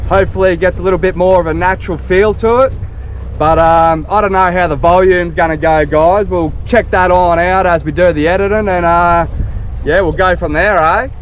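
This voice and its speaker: An Australian man with a fairly high voice chats easily to his viewers from a small boat. His talk is relaxed and full of slang. An action camera picks him up over clear engine and wind noise. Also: normal speed. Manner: laid-back and chatty, with a broad slangy drawl. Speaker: fishing vlogger. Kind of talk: casual vlog talk to camera. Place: small open boat on the water. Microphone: action camera mounted on the boat.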